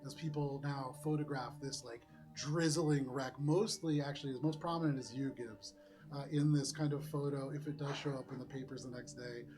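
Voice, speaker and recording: A man running a tabletop game as game master, narrating scenes in a relaxed way with fillers. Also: medium pitch, moderate pace, faint music behind.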